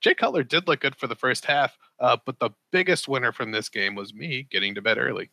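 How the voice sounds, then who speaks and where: A man co-hosting a fantasy football podcast, talking in a dry, low-key way. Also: fairly quick, gravelly, sharp tone, no echo. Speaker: podcast co-host.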